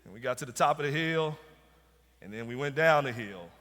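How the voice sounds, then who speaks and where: A man's voice: medium pitch, animated, a little fast, fairly bright tone. A man with a Southern US accent preaching a sermon, telling a story and then pressing his points with emphasis. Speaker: pastor. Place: church sanctuary. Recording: church hall reverb.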